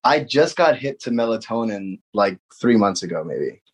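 Husky, laid-back man chatting. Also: lowish voice, sing-song, moderate pace. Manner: laid-back, laughs often. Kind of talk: casual chat.

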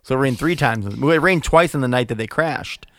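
A man co-hosting a casual podcast retells movie scenes in an easygoing way. His voice is smooth and resonant, recorded dry and close to the mic. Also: mid-range voice, moderate pace, a bit bright, dry recording. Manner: easygoing, recounts scenes with laughs. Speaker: podcast co-host.

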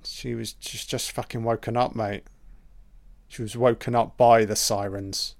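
A man's voice: medium pitch, flat delivery, a little slow, vocal fry, a little mellow, no echo. A man giving a casual film commentary, crude and sarcastic, swearing often as he reacts to the movie. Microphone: home mic, audio only.

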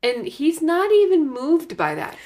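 A woman's voice: high voice, huge pitch swings, a little slow, darkish tone. A woman co-hosting a casual movie review chat, exasperated and full of "like". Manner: exasperated, lots of "like". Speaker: podcast co-host.

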